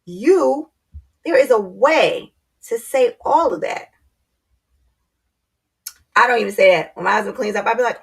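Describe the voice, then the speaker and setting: A woman's voice: on the high side, lively intonation, measured pace, gravelly, pauses often, slightly rough. A woman vlogger giving blunt, candid relationship advice in a casual talk to camera, speaking straight to her viewers.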